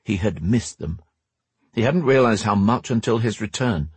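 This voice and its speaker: A man narrating a fantasy audiobook in a steady, expressive storytelling manner. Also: fairly low pitch, normal speed, husky, no echo.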